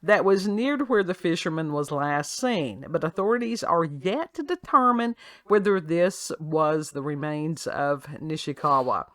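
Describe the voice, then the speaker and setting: A woman's voice: sits low, expressive, measured pace, no room sound. A woman hosting a casual talk show, reading a news story aloud with sarcastic asides and frequent laughs. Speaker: podcast host. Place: at home with her child nearby.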